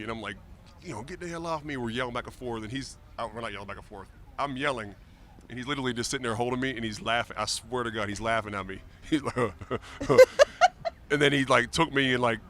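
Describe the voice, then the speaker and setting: A man in his forties, a retired football player, telling lively, joking stories as a guest in a casual interview. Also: medium pitch, quick pace.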